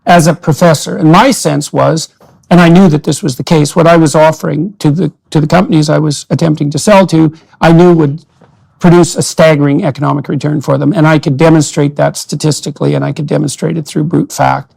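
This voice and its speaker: A man's voice: on the high side, fairly even intonation, brisk, creaky, a little mellow, breathy edge, poor audio. A man hosting a long-form conversation, explaining ideas in long, winding sentences. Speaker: podcast host.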